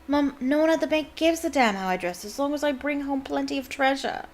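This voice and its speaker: A calm, patient young man, voiced by a woman reading aloud. The voice is lifted a little and unhurried, brushing off a fuss. A plain storybook reading of an easygoing eldest son. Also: sits high, voice pushed up.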